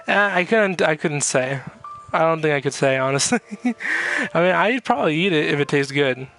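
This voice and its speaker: A young man with a slightly high voice talks through a casual vlog, rambling, swearing freely and laughing at his own stories. Faint music plays underneath. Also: animated, moderate pace, vocal fry, pushed and bright. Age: young adult. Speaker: vlogger. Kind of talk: casual chat reacting to chat messages.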